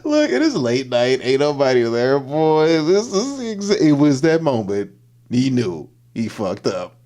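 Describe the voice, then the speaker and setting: A man hosting a reaction livestream, commenting with animated energy, laughing often and repeating punchlines. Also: mid-range voice, measured pace. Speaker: livestream host.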